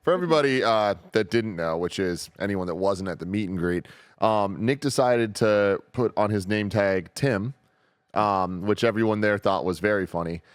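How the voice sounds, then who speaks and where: A man hosts a podcast with upbeat, jokey introductions. His voice sits a little low and sounds close and dry, with no room around it. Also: moderate pace, clear, resonant tone, no echo. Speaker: podcast host. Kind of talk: casual chat.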